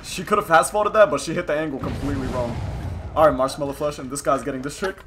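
A young man giving excited, profane live commentary while playing a video game and talking at his opponents. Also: on the high side, fast. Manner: hyped, profane, talks to opponents on screen. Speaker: gaming streamer. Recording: game music behind the voice.

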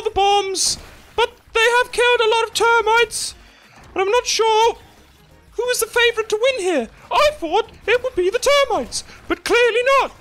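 A woman putting on the voice of a loud, excitable female arena announcer, booming and drawing out her proclamations over game footage. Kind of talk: mock sports-announcer commentary.

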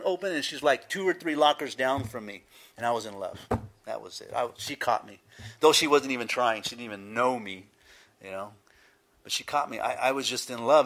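A man's voice: medium pitch, fairly bright tone. An older man, a pastor telling stories in a chatty sermon. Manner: storytelling, chatty, many "you know"s.

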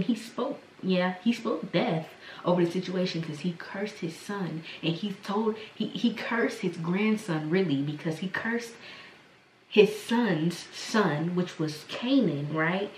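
A woman with a lowish voice preaches informally on her podcast, circling back with fillers and restarts. She sounds set back from the mic in an echoey room with faint ambience behind her. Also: distant mic, slight background noise. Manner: rambling and conversational, many fillers and restarts. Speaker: podcast host. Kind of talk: casual spoken sermon.

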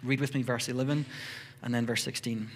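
A middle-aged man preaching a sermon in a church, lively, acting out short everyday dialogues in quick voices. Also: medium pitch. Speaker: pastor.

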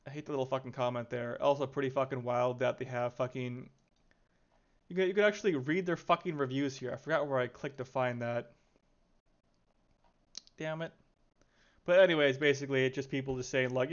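A man's voice: medium pitch, steady tone, brisk, pauses often, highs cut off. An exasperated man ranting about a game, swearing constantly and sighing heavily. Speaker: gaming video creator. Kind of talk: profane angry rant.

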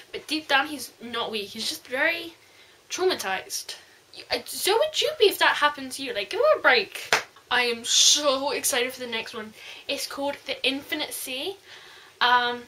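A woman reviewing a book in a casual vlog, gushing and rambling excitedly. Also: sits high, a little hiss or hum.

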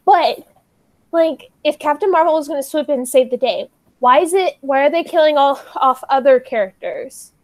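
A woman's voice: sits high, normal speed, no room sound. A teenage girl co-hosting a podcast, chatting casually in an opinionated, rambling way full of fillers. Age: teens. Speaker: podcast co-host. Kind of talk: casual chat.

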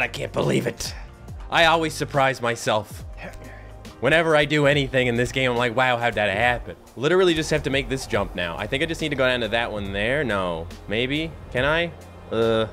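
A man's voice: medium pitch, fairly bright tone. A man giving gameplay commentary, self-mocking and chatty, talking to himself and his viewers. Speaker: gaming YouTuber.

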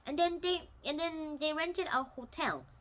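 A woman casually retelling a novel for her channel, halting with restarts and bursting into loud, excited outbursts. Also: sits high, rough recording. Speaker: YouTube storyteller.

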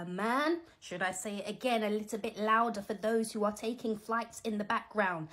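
A middle-aged woman gives animated, teasing, preachy commentary as a Christian vlogger, talking casually from home. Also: a little high, normal speed.

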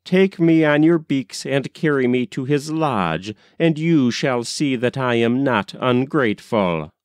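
A man's voice: medium pitch, lively intonation, measured pace, clean tone, dry recording, natural voice. A man reading aloud and voicing a brave young male hero who speaks in a defiant, commanding way, in a dry recording. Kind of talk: audiobook character reading.

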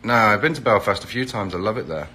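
Fast-talking and animated, a middle-aged Englishman with a lowish, bright, forceful voice chats casually on a phone live stream. The reality TV personality greets viewers by where they are and promotes an event, with a little hiss or hum in the recording.

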